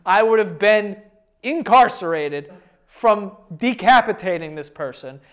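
A man's voice: high voice, expressive, measured pace, a bit bright, clear, resonant tone. A young adult man hosting a comedic reaction to online posts, brash and profane, laughing often as he reacts. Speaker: host.

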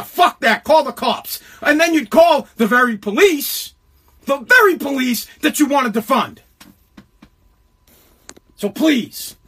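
Brief: male host, high husky voice, heated mocking rant, swears constantly, shouts often. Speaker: political commentary host. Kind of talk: profane political rant monologue.

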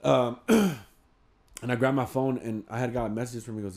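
A man's voice: mid-range voice, fairly quick, a little mellow. Rambling, profane man telling a story. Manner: rambling, swears freely, acts out quotes. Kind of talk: casual storytelling among friends.

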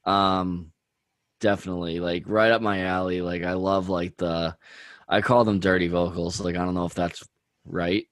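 Very deep-voiced man rambling casually. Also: level tone, moderate pace, no room sound. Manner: rambling, heavy use of "like" and "dude". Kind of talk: casual chat about music.

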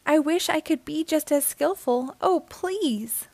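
Woman reading as a young girl seahorse from a rhyming storybook, high and eager, dry close sound. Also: slow pace, gravelly, no echo, full character voice. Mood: hopeful. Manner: sing-song storybook rhyme, gently expressive.

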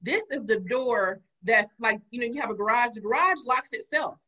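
A woman hosting a casual podcast chat, telling stories with loud swearing and laughter. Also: a little high, normal speed, low-quality recording. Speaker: podcast host.

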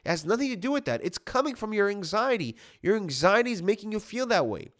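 Earnest, animated man coaching. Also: sits high, fast talker. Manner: earnest, animated, acts out inner thoughts, says "like" a lot. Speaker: anxiety coach. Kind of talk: podcast monologue.

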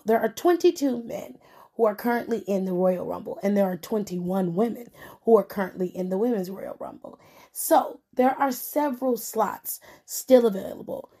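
A woman's voice: on the high side, mellow. Profane ranting woman podcast host. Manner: blunt, profane ranting at listeners. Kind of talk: casual podcast commentary.

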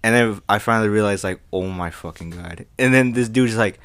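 A man's voice: on the low side, fairly quick, a bit bright, clear, resonant tone, no room sound. A young man casually telling a rambling story on a podcast, acting out both sides of the dialogue. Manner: rambling, acts out dialogue, many fillers. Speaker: podcast co-host.

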